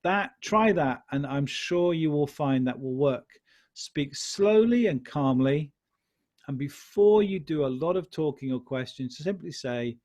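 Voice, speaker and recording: A man's voice: fairly high pitch, expressive, measured pace, darkish tone. A man teaching sales in a live question-and-answer session, encouraging and repeating his key phrases. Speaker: sales trainer. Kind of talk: live online Q&A lesson.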